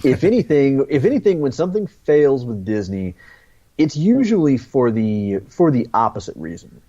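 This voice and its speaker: A man co-hosting a podcast, speaking in a wry, measured way in casual chat. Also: medium pitch, sing-song, dark tone, lo-fi sound. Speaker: podcast co-host.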